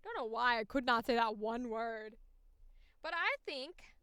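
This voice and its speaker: A woman's voice: on the high side, animated, a little slow, pushed and bright, smooth, no room sound, studio quality. A woman voice actor chatting casually on a livestream, reading casting briefs aloud with playful asides.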